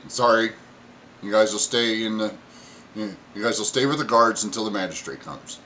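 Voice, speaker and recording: A man's voice: lowish voice, normal speed, slight background noise. Man as a curt stern dock official. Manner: curt, flat and rule-bound. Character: stern male dock official, strict with rules.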